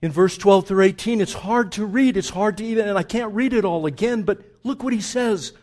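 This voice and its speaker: Impassioned preaching man, fairly high voice. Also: brisk. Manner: swings from hushed reflection to loud impassioned preaching; reads scripture aloud dramatically. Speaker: pastor. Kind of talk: sermon.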